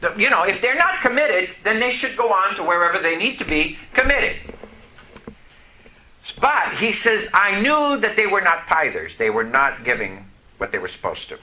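A man preaching a sermon, telling a story and rising to loud, impassioned outbursts. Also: sits high, very animated, moderate pace. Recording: echoey room.

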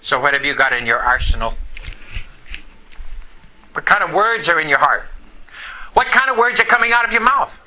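A man's voice: a little high, lively intonation, normal speed, pauses often, bright, forceful tone, slight background noise, poor audio. A man preaching a sermon to a congregation, reading scripture and pressing the listeners with emphatic questions. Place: church service.

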